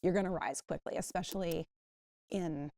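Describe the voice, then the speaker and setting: A woman on a discussion panel, a news manager who tells stories in an animated way. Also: fairly low pitch, normal speed, dry recording, studio quality. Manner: animated storytelling.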